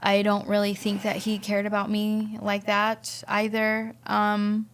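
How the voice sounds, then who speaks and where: A woman speaks as a podcast guest, sharing a personal testimony. Her voice has a gravelly, creaky edge and sits at a middling pitch. She talks haltingly and often repeats words as she works through her memories. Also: completely flat delivery, slight background noise.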